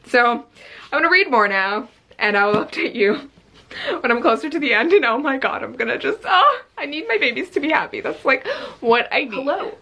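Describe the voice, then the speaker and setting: A young woman giving an excited reading-update vlog, gushing and breathless, with lots of filler words. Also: high-pitched, fairly quick, husky, low-quality recording. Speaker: book vlogger.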